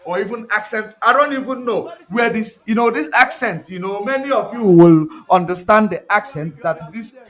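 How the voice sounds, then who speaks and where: A man with a fairly high voice delivers a fervent commentary monologue. He talks emphatically and repeats his points, pressing the listener with rhetorical questions. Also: animated, normal speed, hardly any pauses, a bit bright. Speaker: commentary vlogger.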